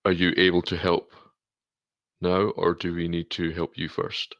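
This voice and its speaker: A man voicing a courteous, gentle adventurer in a tabletop game, speaking formally and politely. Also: low-pitched, monotone, unhurried, no room sound, lo-fi sound. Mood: earnest. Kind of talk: tabletop game role-play.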